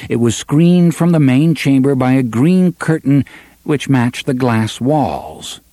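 A man narrating an audiobook in an expressive storytelling manner. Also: medium pitch, takes it slowly, dry recording. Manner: expressive storytelling, varies pace for drama. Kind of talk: scripted narration.

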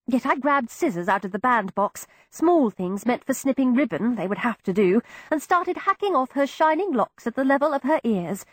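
A woman giving expressive first-person narration of an audiobook, voicing each character. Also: high voice, moderate pace, hardly any pauses, no room sound, clean studio sound.

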